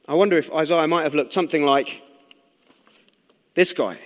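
A young man preaching a sermon in a conversational, animated way, asking the listeners questions as he explains and tells stories. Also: fairly high pitch, normal speed. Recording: long hall reverb.

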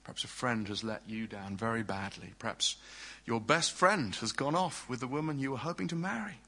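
A man preaching a sermon in an earnest way, often dropping to soft, hushed tones. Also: mid-range voice, normal speed, hardly any pauses, poor audio.

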